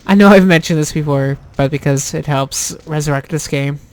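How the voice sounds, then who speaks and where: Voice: medium pitch, moderate pace. A YouTuber giving casual let's play commentary, rambling and self-deprecating, with plenty of swearing and restarts. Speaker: YouTuber playing a game.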